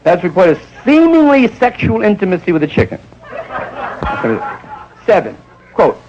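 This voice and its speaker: Rambling, gravelly-voiced male comic. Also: high-pitched, wildly swooping pitch, normal speed, pauses often, darkish tone, lo-fi sound. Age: around 40. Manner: rambling, digressive, muttered asides. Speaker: stand-up comedian. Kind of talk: improvised stand-up monologue.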